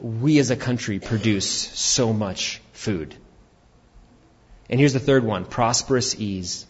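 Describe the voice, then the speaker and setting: A pastor preaching an animated sermon, rising to shouts for emphasis. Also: male voice, on the low side, slow pace, breathy edge, dull audio.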